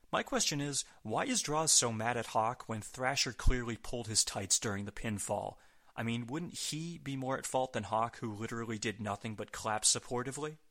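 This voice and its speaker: A man narrates a scripted recap as the show's host. His tone is bright and forceful, and he drops dry, sarcastic asides along the way. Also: mid-range voice. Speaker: podcast host.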